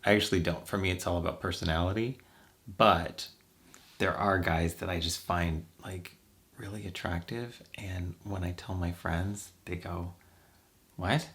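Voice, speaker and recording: A man with a low, gravelly voice chats away while he puts on his makeup. He rambles from one thought to the next with campy little asides. It is a relaxed, casual vlog chat. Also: moderate pace. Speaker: makeup vlogger.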